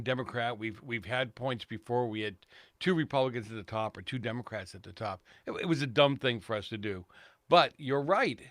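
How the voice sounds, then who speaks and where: A man from California joining a talk radio show as a guest, chatty and quick to laugh. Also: mid-range voice, fairly bright tone, no echo. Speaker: regular guest commentator. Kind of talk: casual political chat.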